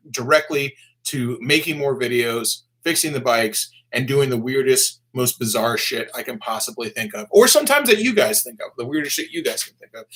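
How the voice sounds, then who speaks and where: Excitable, bright-voiced biker guy on a live stream. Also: mid-range voice. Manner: laid-back, swears freely, calls everyone dude and man; bursts of excitement and quick laughs. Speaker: motorcycle vlogger reading live-stream donations. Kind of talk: casual live-stream chat.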